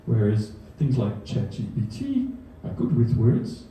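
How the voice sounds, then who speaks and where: A slow-talking man with a dark, mellow voice delivers dry science jokes on a comedy stage, chuckling at his own lines. His pitch moves about in a lively way. He is picked up from some distance in a very echoey hall, with faint room noise behind him. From Australia. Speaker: university researcher giving a comedy science talk. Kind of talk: stand-up science talk. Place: comedy venue stage before a live audience.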